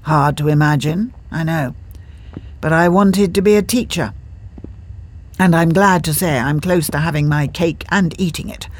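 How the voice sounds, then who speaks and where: Narrator doing a reserved british officer, clipped polite talk, husky. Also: mid-range voice, normal speed, lightly acted. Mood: reflective.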